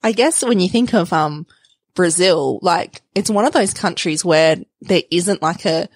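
A woman's voice: on the low side, measured pace, dry recording. Chatty woman hosting a podcast. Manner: chatty, many likes and ums. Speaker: podcast host. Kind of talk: casual interview chat.

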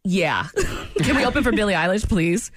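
A woman co-hosting a radio show in casual banter, animated and giggly, with sudden squeals. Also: mid-range voice, normal speed, dry recording. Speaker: radio host.

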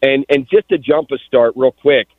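A man, calling in to recall his time as a rescue volunteer, halting and tearful, repeating words as he speaks. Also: medium pitch, steady tone, no echo. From Pittsburgh, USA. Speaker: caller, former EMT volunteer. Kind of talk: emotional phone-in recollection. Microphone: telephone. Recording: tinny phone line.

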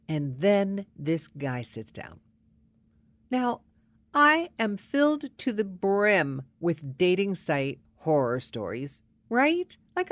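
Woman storyteller, lowish voice, wry and fed-up, dry close mic. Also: no echo. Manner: wry, exasperated, conversational. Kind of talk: casual personal storytelling.

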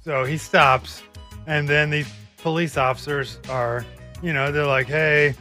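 Texan male co-host, easygoing storyteller, bright voice, light music under him. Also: a little high, unhurried. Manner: storytelling, relaxed, acts out quoted people. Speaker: podcast co-host. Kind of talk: casual chat.

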